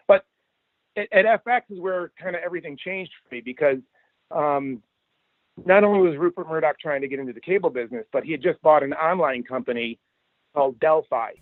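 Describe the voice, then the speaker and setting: A middle-aged man recounts his career in a lively, anecdotal way, slipping into the voices of the people in his stories. His voice sits a little high for a man. The sound is dry and tinny, like a phone line. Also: no echo. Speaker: podcast guest. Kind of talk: casual storytelling interview.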